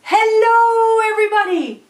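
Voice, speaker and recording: A woman's voice: high voice, lively intonation, slow pace, echoey room, full character voice. A woman voicing a fearless little boy. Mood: excited. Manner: eager, shouting, fearless. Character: bold cheerful little boy daredevil.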